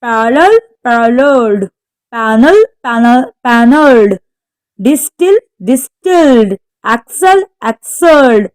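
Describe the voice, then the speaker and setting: Slow, careful woman teacher dictating. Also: on the high side, expressive, rough recording. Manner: slow, careful dictation, spelling out word stress. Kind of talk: reading out textbook exercise answers. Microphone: home microphone.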